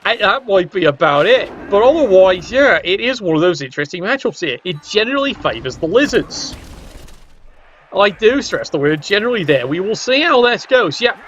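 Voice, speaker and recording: A man's voice: sits high, very animated, brisk, few pauses, a bit bright, muffled recording, slight background noise. A man giving casual, chatty commentary on a tabletop-style video game, joking with viewers in the chat.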